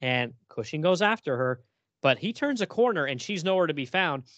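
Guy gushing about an old movie, lively up-and-down voice, laughs a lot, dry close mic. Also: fairly high pitch, a little fast, dry recording, dull audio. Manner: animated, laughs often, acts out characters' lines. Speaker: podcast co-host. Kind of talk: casual film discussion.

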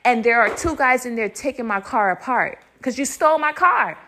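A woman voicing her middle-aged father, flat and curt as he brushes off her claims. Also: fairly high pitch, moderate pace, a little hiss or hum, voice pushed up. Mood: dismissive.

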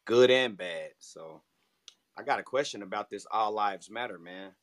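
A man's voice: fairly low pitch, normal speed. A man hosting an interview, asking questions in a laid-back, friendly way. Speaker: show host. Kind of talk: casual interview chat.

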